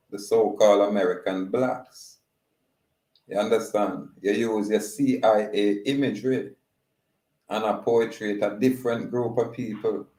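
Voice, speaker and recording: A man with a Jamaican accent, in a low, dark-toned voice, delivers a preachy and confrontational reaction monologue, sliding in and out of patois. He is recorded in an echoey room. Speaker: video commentator.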